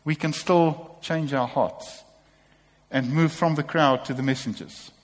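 A man's voice: fairly high pitch, fairly even intonation, unhurried, long reverb tail. A man preaching a sermon to a congregation, impassioned and repeating short calls to take courage.

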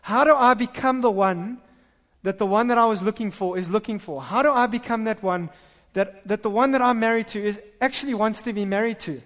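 Male pastor, sermon, high voice, long hall reverb, animated, stammering restarts. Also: brisk.

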